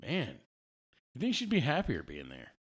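A man's voice: mid-range voice, wildly swooping pitch, normal speed, husky. A man in a casual chat, joking around and asking teasing questions.

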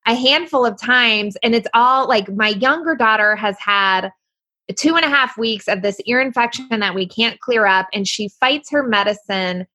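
A woman guest on a podcast, telling candid stories in an animated way, laughing and swearing freely. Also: on the high side, normal speed. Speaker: guest life coach. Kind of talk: casual podcast conversation.

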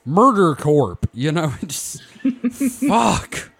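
A man's voice: a little high, sing-song, drawn-out words, vocal fry, a bit bright, breathy edge. Crude joking man in casual chat. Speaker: podcast host.

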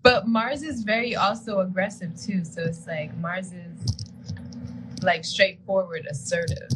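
A woman's voice: on the low side, steady tone, measured pace, background noise. A woman co-hosting a casual live-stream show and breaking down astrology, talking loosely with lots of "like" and often laughing. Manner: chatty, uses "like" a lot, laughs often. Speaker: co-host.

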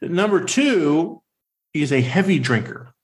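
A man co-hosting a casual podcast, rambling with lots of fillers and animated questions. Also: fairly high pitch, slow. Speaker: podcast co-host. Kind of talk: casual chat.

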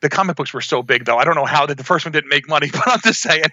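Bright, animated man rambling. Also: fairly high pitch, very fast, no room sound, lo-fi sound. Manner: rambling, animated, self-interrupting. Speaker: podcast co-host. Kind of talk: casual chat.

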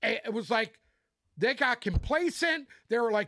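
A man's voice: extremely high pitch, sing-song, moderate pace, sharp tone. A man co-hosting a casual sports podcast, ranting in a fired-up, profane way. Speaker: podcast co-host.

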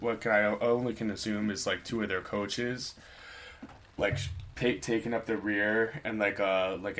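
A young man on a podcast, casually telling a story in a rambling, laid-back way with lots of fillers. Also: fairly low pitch.

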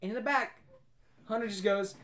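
A woman's voice: mid-range voice, normal speed, noisy background. A young adult woman co-hosting a podcast, telling a story in casual, profane chat and laughing often. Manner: profane, laughing, swings between hushed and loud. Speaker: podcast co-host.

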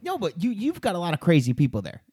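A man in a studio, joking loudly and crudely in casual banter, full of profanity. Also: high-pitched, huge pitch swings, fast talker, slightly rough, dry recording. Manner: loud, joking, profane, does silly voices.

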